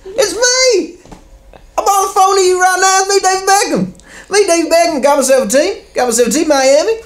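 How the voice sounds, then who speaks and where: A podcast host puts on a bragging footballer, his voice pushed up high and breathless. He keeps repeating himself with swaggering confidence. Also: fairly quick. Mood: boastful. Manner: breathless, boastful, repeats "no doubt about it". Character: jokey impression of a famous footballer, adult man, boastful.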